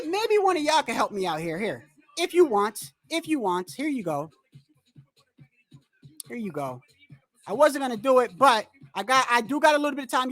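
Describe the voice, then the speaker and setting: A man's voice: very high voice, pushed and bright. A man telling a rambling, profane story on a casual livestream about boxing. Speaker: boxing commentary streamer.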